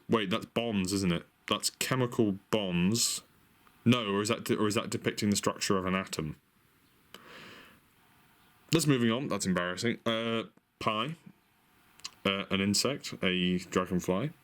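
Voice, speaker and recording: A man in casual chat as a vlogger, excitable, thinking aloud, exclaiming and swearing now and then. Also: on the low side. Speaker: vlogger showing stationery.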